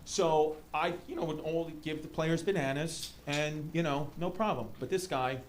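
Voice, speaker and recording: A young stand-up comic spins a rambling story, tripping over fillers and restarts. His voice sits high for a man. The live club recording carries clear background noise from the room. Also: moderate pace. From New York City (Queens). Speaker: stand-up comedian. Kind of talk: stand-up storytelling and crowd work. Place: comedy club stage.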